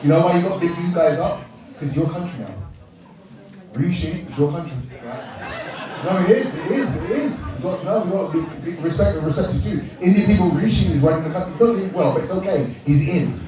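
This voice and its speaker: A British man hosting an awards night who jokes with the audience, laughs often and shouts out to the room. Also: a little high, brisk, music in the background. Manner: joking, laughing, shouting out to the crowd. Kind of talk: live crowd-work emcee banter. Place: large indoor event hall with a live crowd. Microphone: handheld microphone. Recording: echoey hall, distant mic, crowd noise.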